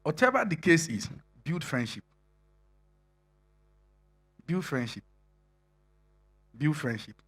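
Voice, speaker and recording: A middle-aged man preaching a sermon to singles in a conversational style, laughing often and building to loud emphasis. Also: mid-range voice, breathy edge.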